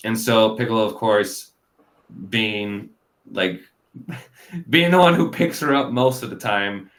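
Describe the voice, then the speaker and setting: A man's voice: lowish voice, slow pace, fairly bright tone. A man hosting a casual review chat, rambling with lots of fillers and frequent laughs. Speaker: podcast host.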